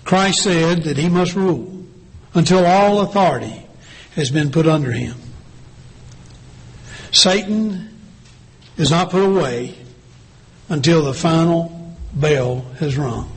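Male pastor, husky slightly raised voice, slow measured sermon delivery. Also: a little high, rough recording. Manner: slow, deliberate preaching with drawn-out pauses.

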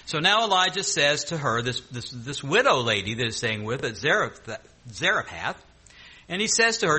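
A man preaching a sermon, retelling scripture with lively, joking asides between the verses he reads. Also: on the high side, fairly quick, breathy edge.

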